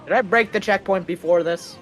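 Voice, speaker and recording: Male streamer, slightly high voice, deadpan teasing, with game music behind. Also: brisk. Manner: joking, offhand, teasing. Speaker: speedrunner streaming a run. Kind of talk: casual chat while gaming.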